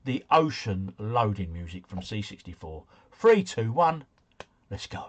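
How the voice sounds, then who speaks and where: A man's voice: on the low side, very animated, a little slow, slight background noise. A man hosting a trivia quiz, reading out questions and answers and adding chatty, joking asides. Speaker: quiz host.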